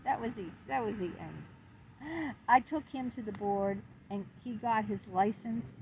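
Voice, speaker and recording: A woman's voice: medium pitch, measured pace, low-quality recording. Indignant middle-aged woman over car noise. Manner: indignant, animated, exclaiming. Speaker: vlogger. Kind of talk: confessional storytelling to camera.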